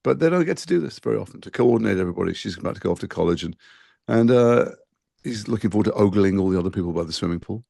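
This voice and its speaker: A man being interviewed about a role he played, talking quickly in a conversational way with frequent restarts. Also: fairly low pitch, expressive, vocal fry, mellow, no room sound, studio quality. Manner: talks fast with frequent restarts and fillers. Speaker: actor interviewed as guest.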